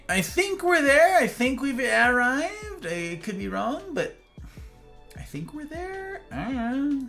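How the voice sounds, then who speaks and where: Male streamer, casual chat, animated pitch, playful greetings, desk mic, soft background music. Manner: chatty, greets viewers by name with playful flourishes.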